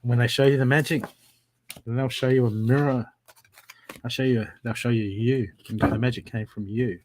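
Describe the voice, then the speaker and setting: A man giving live psychic readings from home, talking in an animated, encouraging way with a lot of repetition. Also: medium pitch, moderate pace, slight background noise. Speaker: psychic reader. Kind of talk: live-streamed spiritual reading.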